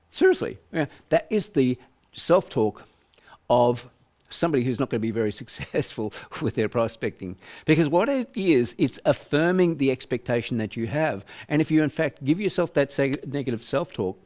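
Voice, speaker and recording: A man's voice: medium pitch, expressive, normal speed, darkish tone. Older Australian man, sales trainer, emphatic delivery, plays out examples. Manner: emphatic, acts out voices to illustrate. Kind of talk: business training presentation.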